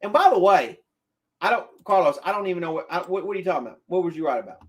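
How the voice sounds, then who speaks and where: A man with a notably high-pitched voice delivers football opinions on a live stream. He talks to his chat directly, repeating his points for emphasis and arguing them out loud. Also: lively intonation, racing. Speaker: sports streamer.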